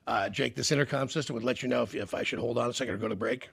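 A man's voice: medium pitch, creaky, a bit bright, slightly rough. A man hosting a radio morning show, joking and teasing callers in casual on-air banter. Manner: joking, teasing, quick asides.

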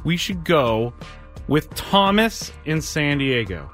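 A man's voice: fairly high pitch, big pitch swings, slow, fairly bright tone, faint music behind. A man co-hosting a sports radio call-in quiz, reading questions to callers with energy and laughing easily. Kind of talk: lively sports radio banter.

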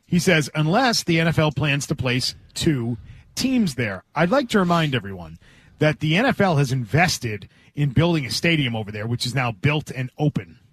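A man's voice: fairly high pitch, big pitch swings, normal speed, husky, dry recording. A male sports radio host with a slightly raised voice. He reads out quotes and then makes his case, and the dry studio mic keeps the sound close and tight. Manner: reads quotes aloud, then argues a point. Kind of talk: talk radio commentary.

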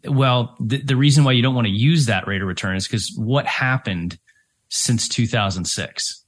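A man's voice: mid-range voice, moderate pace. A middle-aged man, a financial planner co-hosting a radio show, who explains things step by step and checks in with "right?". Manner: explains step by step, with many ums and "right?" asides.

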